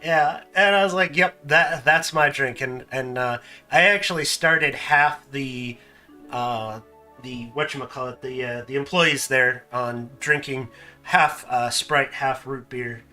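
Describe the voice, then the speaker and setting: A man hosting a casual stream, telling animated stories and laughing often. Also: medium pitch, a little slow, faint music behind. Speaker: streamer host. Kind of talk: casual chat.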